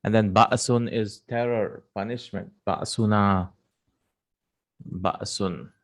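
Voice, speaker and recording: Low-voiced man teaching Arabic words. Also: steady tone. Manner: thinks aloud with many hums and repeats, recites verses quickly. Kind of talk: relaxed spoken lesson.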